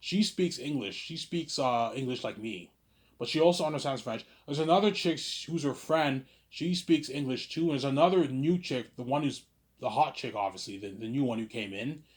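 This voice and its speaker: Speaking at a medium pitch and normal pace, this Quebec livestream host works through viewer questions in a loose, rambling monologue. He trips over restarts, repeats himself, and leans on "obviously" over and over.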